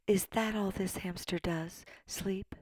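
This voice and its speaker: A woman voicing a stern, quiet older female schoolteacher in a storybook reading, measured and firm. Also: mid-range voice, expressive, no room sound, pitched above the performer's own voice, natural voice. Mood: puzzled. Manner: measured, soft-spoken, firm.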